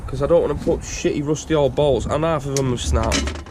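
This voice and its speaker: A man's voice: mid-range voice, brisk, background noise. A man working as a truck mechanic, talking casually to camera with exasperated, sweary muttering as he works outdoors. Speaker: self-employed truck mechanic.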